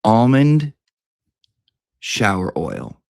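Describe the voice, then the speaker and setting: A man's voice: medium pitch, big pitch swings, drawn-out words, gravelly, smooth, no echo. A man giving a brash, profane, theatrical comic review of beauty products.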